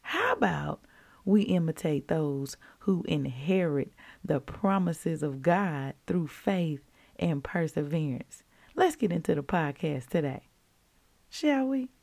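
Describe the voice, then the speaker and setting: A woman hosting a daily devotional podcast, teaching in a lively, chatty way and calling listeners y'all. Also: low voice, slow pace, gravelly. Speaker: podcast host.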